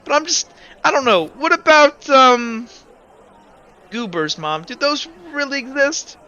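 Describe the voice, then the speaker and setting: A man's voice: very high voice, lively intonation, measured pace, pushed and bright, smooth, highs cut off, some chatter behind, voice pushed up, exaggerated voice. A man voicing a stubborn, dismissive little girl in a tabletop game. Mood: whiny. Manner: whiny and dismissive.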